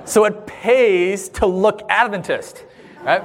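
A man in his thirties giving a sermon-style talk, telling a personal story with animated, acted-out voices. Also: sits high, a little slow. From Southern California. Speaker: speaker. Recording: long hall reverb.

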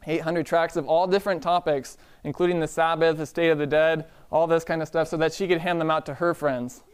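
A man preaching a sermon in a relaxed storytelling way, often asking the congregation "Amen?". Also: on the high side, fairly quick, clean tone. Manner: conversational, calls out "Amen?" to the congregation.

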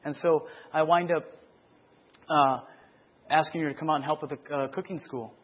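A middle-aged man preaching his testimony in a sermon, asking for amens and getting loud and excited as he retells stories. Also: on the high side, moderate pace, husky, dull audio.

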